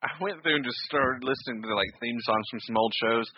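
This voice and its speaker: Husky guy, mid voice, gets all excited chatting on a podcast, dry dull sound. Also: medium pitch, brisk, no echo. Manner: excitable, animated storytelling. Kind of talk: casual chat.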